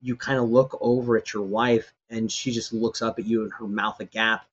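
Narrating a tabletop game as its game master, a man speaks at normal speed in a lowish, breathy voice with a flat delivery. He rambles loosely, full of fillers and restarts, and the stream audio is slightly dull and lo-fi.

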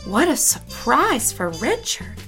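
An actress playing a polished saleswoman in an audio drama, speaking in a smooth, solicitous way. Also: sits high, huge pitch swings, takes it slowly, pushed and bright, soft background music, exaggerated voice. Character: polished woman, attentive dress shop saleswoman.

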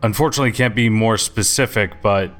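A man's voice: on the low side, brisk, a bit bright. A man playing a tabletop game, speaking hesitantly and thinking aloud. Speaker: player. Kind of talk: casual tabletop game play.

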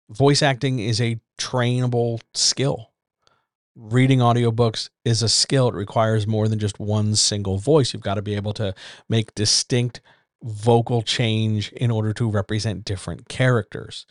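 Blunt, low-voiced man giving advice. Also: fairly even intonation, moderate pace, no echo, studio quality. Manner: blunt, opinionated, lecturing with rhetorical questions. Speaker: writer hosting a chat stream. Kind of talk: casual advice monologue. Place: small home room, not soundproofed. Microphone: decent USB-style desk microphone.

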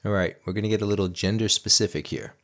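A man's voice: fairly low pitch, fairly even intonation, fast, fairly bright tone. A middle-aged man hosting a podcast, reading a scripted monologue in a blunt, emphatic way with crude language. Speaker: podcast host.

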